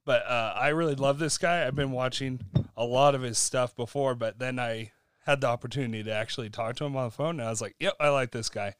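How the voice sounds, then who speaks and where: A man's voice: mid-range voice, fast, clear, resonant tone, no room sound. A man hosting a casual podcast chat, telling stories and laughing often. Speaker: podcast host. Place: Utah.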